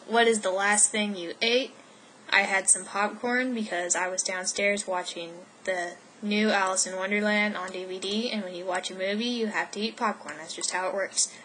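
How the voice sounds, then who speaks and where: A woman's voice: medium pitch, fairly even intonation, normal speed, sharp tone, slight background noise, low-quality recording. A teenage girl from Texas, vlogging casually at home and rambling with lots of fillers and self-corrections. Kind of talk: casual voice meme vlog.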